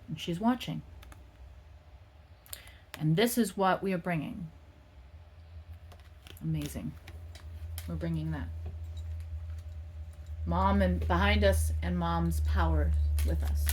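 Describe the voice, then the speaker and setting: A woman's voice: lowish voice, a little slow, pauses often, darkish tone, a little hiss or hum. A woman doing a casual tarot reading, talking in a playful, rambling and self-mocking way. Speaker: tarot reader.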